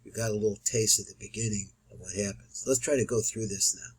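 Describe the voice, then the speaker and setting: A man's voice: on the low side, steady tone, fast talker, husky, poor audio. A man teaching a recorded Torah study lesson, explaining Hebrew and Aramaic quotations as he goes.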